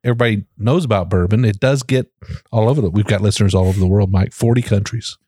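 A man's voice: lowish voice, quick pace, dark tone, husky, no room sound, clean studio sound. A man co-hosting a podcast in an easygoing, conversational way. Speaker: podcast co-host. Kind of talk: casual chat.

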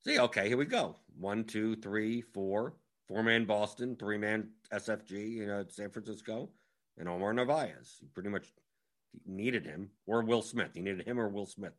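A man's voice: lowish voice, a bit bright. A man as fantasy sports analyst, in a casual strategy breakdown, thinking aloud and rattling off lineups. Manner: rapid, scattered, thinks aloud while scrolling lineups.

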